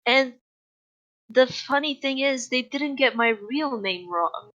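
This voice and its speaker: Bright-voiced young woman, chatty and rambling. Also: high voice, expressive, takes it slowly, lo-fi sound. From outside English-speaking countries. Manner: rambling, chatty, laughs often, many restarts. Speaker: podcast guest. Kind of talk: casual chat.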